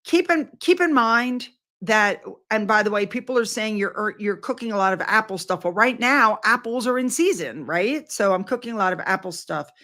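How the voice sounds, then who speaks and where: A woman's voice: medium pitch, lively intonation, normal speed, fairly bright tone. An older woman vlogging from home, talking straight to her viewers. She rambles from one thing to the next with effusive enthusiasm, keeping everything loose and casual.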